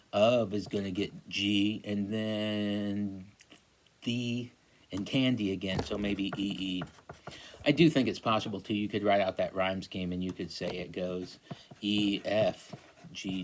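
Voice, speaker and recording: Low-voiced man teaching poetry casually. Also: a little hiss or hum, rough recording. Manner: casual, thinking aloud with many fillers and "right?" checks. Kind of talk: recorded poetry lecture.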